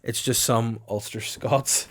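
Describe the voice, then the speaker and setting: A man's voice: mid-range voice, steady tone, slow pace. A young man, co-hosting a podcast in loose, sweary banter, laughing often and mimicking voices. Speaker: podcast co-host. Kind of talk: casual banter.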